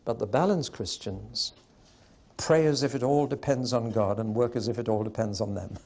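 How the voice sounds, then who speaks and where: Male preacher, mid-pitched voice, emphatic and wry, delivers a sermon to a hall audience. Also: moderate pace, darkish tone.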